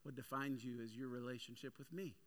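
A man voicing Jesus as a calm, gentle teacher who speaks softly and slowly. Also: medium pitch, lightly acted. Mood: tender. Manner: soft, slow, tender.

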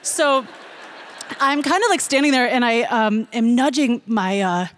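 A young woman tells an audience a funny story about herself, animated and laughing as she mimics excited voices. Her voice is a little high and her pace a little slow.

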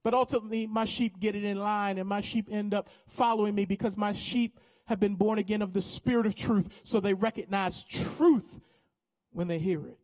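In a church sanctuary, an American pastor in his fifties delivers an impassioned sermon with an altar call, repeating his appeals again and again. His voice is high-pitched, his intonation fairly even, and he speaks at a normal speed.

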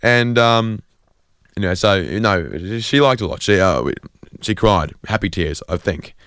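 A man's voice: on the low side, animated, measured pace, a bit bright, clean tone, no room sound, studio quality. An Australian man hosting a community radio show, rambling through a self-deprecating comic monologue with lots of fillers and restarts. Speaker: radio host.

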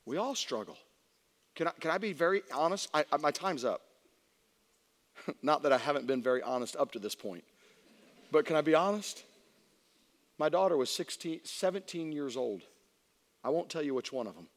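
A middle-aged man preaching as a youth pastor, telling a personal story that swings from hushed to shouting. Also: fairly high pitch, animated, normal speed, long pauses. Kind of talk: sermon. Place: large church hall. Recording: long hall reverb.

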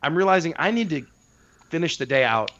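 A man's voice: fairly high pitch, lively intonation, a little fast, dull audio, heavy background noise. A man co-hosting a podcast, chatting casually and rambling with enthusiasm. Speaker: podcast co-host.

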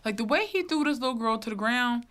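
A woman's voice: fairly high pitch, lively intonation, fast talker, a bit bright. Blunt, laughing woman in casual chat. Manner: blunt, laughing, slangy storytelling. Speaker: podcast co-host.

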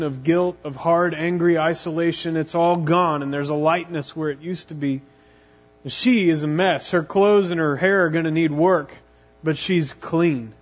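Man preaching in a dramatic storytelling voice. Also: a little high. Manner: dramatic storytelling, with emphatic slowed phrases. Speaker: youth pastor. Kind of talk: sermon.

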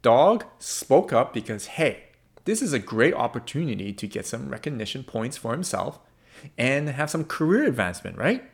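A male pastor preaches with a lively, swooping pitch at a medium register. His delivery is emphatic and shifts between loud and soft. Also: moderate pace, gravelly. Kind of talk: sermon.

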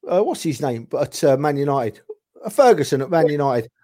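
A man's voice: fairly high pitch, big pitch swings, normal speed, dark tone. A man in casual chat, reminiscing about favourite players, rambling with chuckles and restarts. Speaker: podcast guest, football fan.

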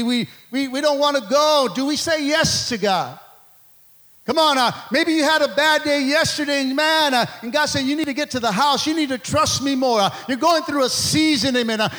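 A man's voice: very high-pitched, a bit bright. A man preaching a fervent sermon to a church, peppering it with calls of amen and stumbling restarts. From Mexico. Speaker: pastor.

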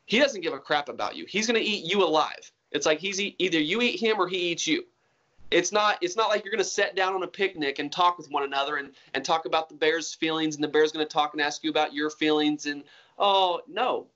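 A man's voice: on the high side, fast, bright, forceful tone, highs cut off. A man being interviewed about hunting, talking in an earnest, rambling way with many restarts. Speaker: hunter guest. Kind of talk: casual interview talk.

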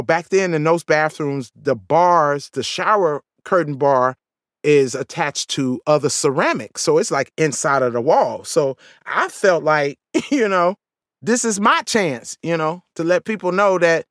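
A woman in her fifties from the Southern United States reading her own comic memoir, telling the story with lively, profane laughter. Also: low voice, dry recording, clean studio sound. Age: 50s. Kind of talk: comic memoir audiobook narration.

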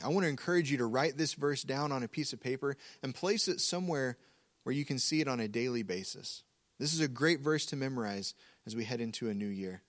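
Calm, measured male pastor. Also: mid-range voice. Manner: calm, measured preaching with slow emphatic repetition. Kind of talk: sermon.

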